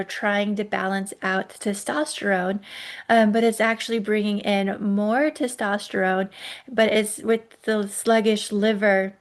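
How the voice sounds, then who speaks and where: A woman hosting a casual herbal podcast, chatty and hedging, with frequent ums and self-corrections. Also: medium pitch. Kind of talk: casual solo podcast talk.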